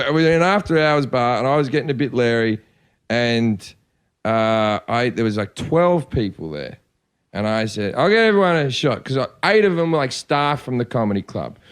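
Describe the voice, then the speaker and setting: A comedian telling rowdy stories on a podcast, animated and swearing freely. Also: male voice, medium pitch, clear, resonant tone. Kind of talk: casual podcast chat.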